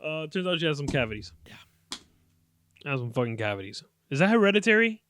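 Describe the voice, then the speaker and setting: A man's voice: fairly high pitch, brisk, slight background noise. A man in his late twenties hosting a casual podcast, telling a story with lots of swearing and laughter. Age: 20s. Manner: profane, animated, laughs often. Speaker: podcast host.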